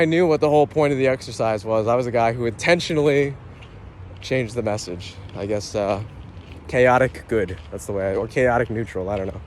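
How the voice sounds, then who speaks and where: A man's voice: medium pitch, a little mellow. Guy musing to camera outside, wanders off topic, jokey, light car noise behind. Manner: rambling, playful, self-questioning. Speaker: vlogger. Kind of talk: casual reflective monologue. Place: outdoors near a lake.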